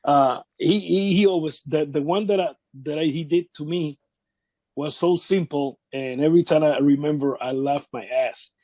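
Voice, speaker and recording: Guy in his 50s, broken english, laughing through old stories, warm low-key tone, dry mic. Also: normal speed, no room sound. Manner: animated anecdotes, non-native English grammar. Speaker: interview guest, former wrestler. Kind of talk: shoot interview storytelling.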